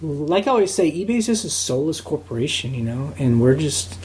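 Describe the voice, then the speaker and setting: A man's voice: a little high, sing-song, fairly quick, a little mellow. A man co-hosting a casual podcast, rambling and full of "you know" and "like". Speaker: podcast co-host on reselling.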